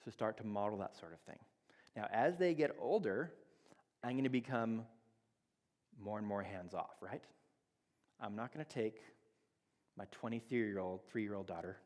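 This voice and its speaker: His voice is on the low side and a little mellow, moving at normal speed with frequent pauses. A man in his thirties delivers a conversational sermon about relationships in a church sanctuary, using everyday examples and acting out dialogue, all under long church-hall reverb.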